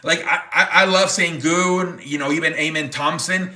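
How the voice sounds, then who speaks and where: Excitable man in an echoey room. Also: on the high side, moderate pace. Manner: excitable, swears, exclaims "holy frijoles" over donations. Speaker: livestream sports show host. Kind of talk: casual live-stream sports chat.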